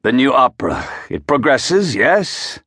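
Male narrator as a smooth, reassuring theater manager, gently persuasive. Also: medium pitch, sing-song, unhurried, no echo, clean studio sound, voice pushed up, full character voice. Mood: soothing. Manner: soothing, warm-voiced. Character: soothing, attentive older opera manager, man.

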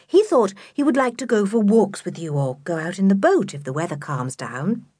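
A woman voicing a gentle, fussing mother in a children's audiobook, speaking softly and soothingly. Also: medium pitch, big pitch swings, normal speed, slightly rough, no echo, studio quality. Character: kind, anxious mother Aunt Fanny, gentle and fussing.

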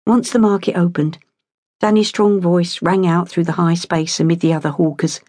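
Low-voiced woman reading a novel. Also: steady tone, normal speed, a little mellow, dry recording, studio quality. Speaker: audiobook narrator. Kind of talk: scripted narration.

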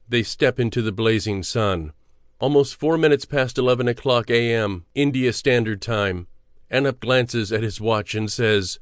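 Male audiobook narrator, measured and steady, mid pitch, dry studio sound. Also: no room sound. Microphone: close studio mic.

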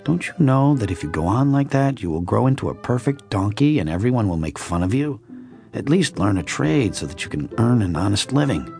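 A man's voice: lowish voice, very animated, fairly quick, gravelly, a little mellow, faint music behind. A man voicing an old, wise talking cricket who lectures sternly, in an audiobook. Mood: lecturing.

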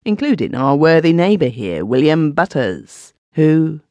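A man's voice: a little high, very animated, a little slow, darkish tone, no echo, dull audio, pitched above the performer's own voice. A man voicing Migsworth, a pompous widower in an audiobook, speaking firmly and lecturing. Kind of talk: audiobook character voice.

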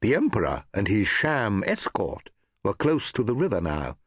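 A man narrating a historical novel audiobook in an expressive storytelling manner. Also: lowish voice, moderate pace, breathy edge, no echo, clean studio sound.

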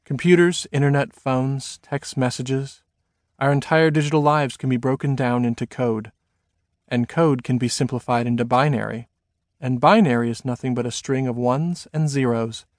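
A man reading his own novel aloud as a first-person audiobook narration, measured and expressive. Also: medium pitch, no room sound, clean studio sound.

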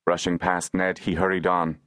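A man narrates a historical novel in a low, grounded voice, taking his time over each sentence. The recording is dry and close, with no room sound. His delivery stays measured and even throughout. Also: no echo. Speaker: audiobook narrator. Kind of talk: scripted audiobook narration.

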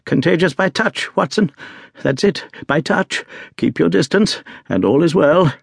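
A male narrator voices a dying detective in a storybook recording. His voice croaks and falters, husky and breathy. Still he snaps out orders with imperious sharpness. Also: medium pitch, lively intonation, moderate pace, no echo, studio quality. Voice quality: croaking, feeble.

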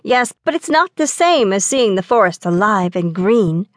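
A woman's voice: mid-range voice, very animated, normal speed, dry recording, clean studio sound, natural voice. A woman doing a fearless, curious boy. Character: bold curious boy prince, younger brother.

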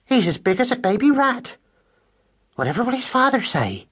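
A man voicing an excitable female mouse, high and husky, in an audiobook. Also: normal speed, full character voice. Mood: amazed. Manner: high, flustered, broad rustic speech. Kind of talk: audiobook character voice.

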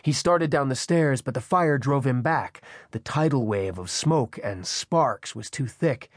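A man's voice: mid-range voice, a little slow, no echo. A man reading a thriller audiobook with tense, dramatic narration, on a close studio microphone. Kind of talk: scripted narration. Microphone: close studio mic.

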